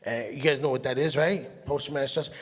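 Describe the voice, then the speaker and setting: A stand-up comedian, telling animated stories and laughing at his own jokes. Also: mid-range voice, brisk. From Brooklyn, New York. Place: comedy stage in a hall. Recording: long hall reverb from a live venue.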